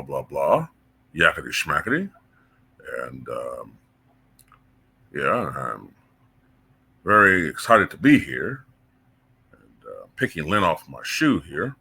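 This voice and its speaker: A man voicing a stiff, formal male job applicant who talks slowly, lower and overly proper. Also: vocal fry, pushed and bright, slightly rough, full character voice.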